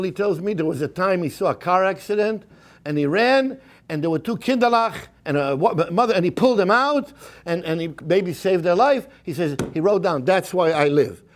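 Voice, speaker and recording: A high-voiced, middle-aged rabbi delivers a sermon story in a synagogue. He shifts between quiet whispers and building passion, sprinkling Yiddish and Hebrew into his words.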